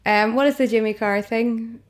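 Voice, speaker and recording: A woman's voice: on the high side, moderate pace. Self-deprecating Northern Irish woman. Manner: self-deprecating, animated storytelling. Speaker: comedian guest. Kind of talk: casual chat.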